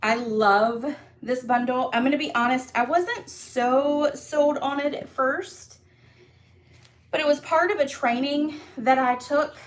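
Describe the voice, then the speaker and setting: A woman's voice: high-pitched, unhurried. A woman hosting a live craft class from her home craft room, chatty and upbeat, with lots of fillers and small laughs. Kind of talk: casual live-stream craft tutorial.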